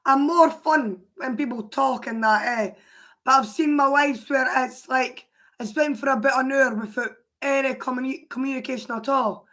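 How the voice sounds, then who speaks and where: A Scottish woman with a hoarse, worn voice, chatting casually on a livestream and answering her viewers' comments aloud. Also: sits high, moderate pace, fairly bright tone. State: hoarse, voice mostly gone.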